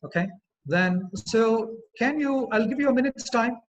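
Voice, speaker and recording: High-voiced Indian English trainer on webinar. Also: male voice, moderate pace. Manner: earnest, frequent fillers, engages audience with questions. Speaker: communication skills trainer. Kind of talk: online webinar lecture. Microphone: video call. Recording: dull lo-fi webinar audio.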